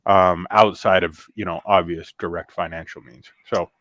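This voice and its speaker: A man's voice: low-pitched, fairly even intonation, normal speed, a bit bright, dry recording, highs cut off. A man hosting a casual livestream, easygoing with lots of ums, reading out viewer comments. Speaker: host of a comics livestream.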